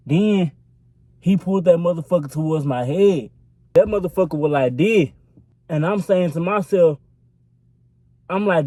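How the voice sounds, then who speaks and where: A man's voice: a little high, moderate pace, pauses often, mellow, dry recording. A young man telling a storytime vlog into his phone in a rambling, profane, filler-laden way. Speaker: vlogger. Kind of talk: casual storytime.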